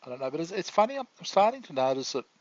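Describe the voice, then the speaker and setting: A man rambling in a halting, confessional video diary, full of restarts. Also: a little high, very animated, a little mellow, dry recording. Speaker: vlogger. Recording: dull lo-fi dry recording.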